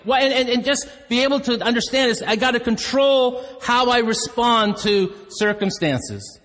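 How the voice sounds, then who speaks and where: A man's voice: extremely high pitch, moderate pace, a bit bright, slight background noise. A middle-aged man preaching a sermon as pastor, telling stories in a candid, self-deprecating way. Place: church hall. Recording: hall reverb.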